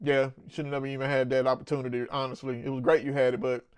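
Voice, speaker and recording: A man's voice: medium pitch, little pitch movement, rapid-fire, clear, resonant tone, no echo. Opinionated male sports host, dry close sound. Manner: opinionated, conversational, blunt asides. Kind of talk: casual sports commentary.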